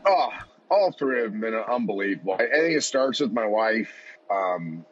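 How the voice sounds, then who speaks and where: A man's voice: lowish voice, sing-song, moderate pace, slight background noise. A man in his forties, a podcast guest, telling a heartfelt personal story in an earnest, rambling way with many restarts. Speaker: podcast guest, football coach. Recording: dull lo-fi audio.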